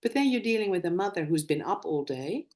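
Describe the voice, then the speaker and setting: A middle-aged woman, a former nurse and birth educator, talking in a live conversation and telling lively stories from her practice. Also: lowish voice, a little fast. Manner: animated storytelling, acts out quoted dialogue.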